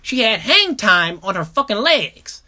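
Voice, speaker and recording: A young man hosting a podcast, telling a comedic story casually, full of swearing, dropping into mumbled asides and jumping up into loud outbursts. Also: high-pitched, unhurried. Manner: animated, profane, jumps between mumbling asides and loud outbursts. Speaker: podcast host.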